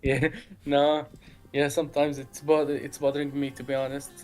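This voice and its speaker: A man's voice: on the high side, monotone, moderate pace, soft background music. A young man from the Arab world chatting casually on a voice call, joking and often restarting his sentences. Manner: jokey, hesitant, restarts a lot. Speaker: voice chat participant. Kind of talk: casual voice chat.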